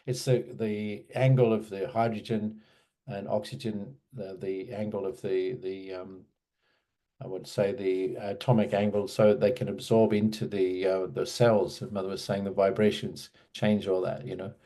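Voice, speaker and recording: An older man from Australia recalls his past in a loose, rambling storytelling style. He backs up and restarts often, and his voice sits fairly low with a mellow, relaxed tone. He speaks as a guest in a casual interview. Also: normal speed. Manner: meandering storyteller, many restarts and asides.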